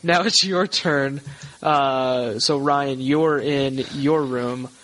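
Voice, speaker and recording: A man narrating a tabletop horror game as game master over a voice call, with halting, filler-heavy narration. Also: mid-range voice, fairly bright tone, low-quality recording. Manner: halting, many fillers and restarts.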